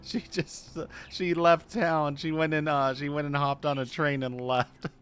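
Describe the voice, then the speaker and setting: A man's voice: a little high, little pitch movement, unhurried, fairly bright tone, clean tone, soft background music. A man casually chatting while streaming a game, rambling and restarting his phrases. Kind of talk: casual live-stream chat.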